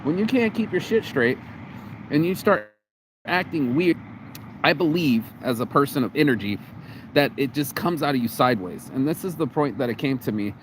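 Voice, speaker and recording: A man's voice: medium pitch, expressive, normal speed, a little hiss or hum. An American man vlogging outdoors in the cold, talking casually in a rambling, profane way with many restarts and repeated words. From United States. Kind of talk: casual vlog monologue.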